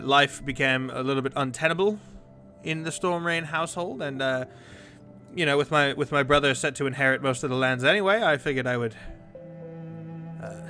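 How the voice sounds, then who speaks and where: A man voicing an evasive young nobleman who talks haltingly, with many pauses. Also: medium pitch, bright, forceful tone, close to an everyday voice. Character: evasive young nobleman hiding his title.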